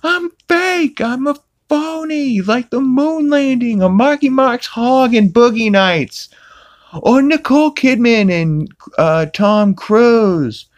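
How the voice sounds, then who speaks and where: A man putting on a strained, high, goofy voice as a bumbling, loud cartoon dad. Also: expressive, slow, heavily acted.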